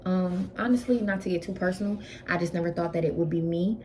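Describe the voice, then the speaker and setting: A woman's voice: fairly low pitch, fairly even intonation, fast talker, darkish tone, slight background noise. A woman, a first-time mother, talking candidly at home in a casual vlog and giving frank advice. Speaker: first-time mother sharing postpartum experiences.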